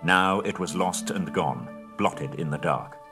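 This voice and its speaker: A man reads a fantasy tale aloud in a low-pitched, expressive voice, swelling into loud, dramatic passages. Faint music plays underneath his narration. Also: a little slow.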